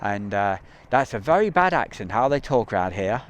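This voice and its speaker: A man's voice: lowish voice, sing-song, a little slow, long pauses, highs cut off. A man hosting a casual live stream outdoors near an airbase, chatting in a rambling way with many ums and uhs, recorded on a camcorder mic.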